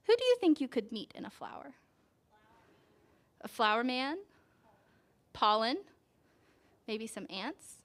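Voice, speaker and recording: A woman reading a picture book aloud to children at a church service, gently asking them questions as she goes. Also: a little high, sing-song, unhurried, pauses often. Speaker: children's story reader.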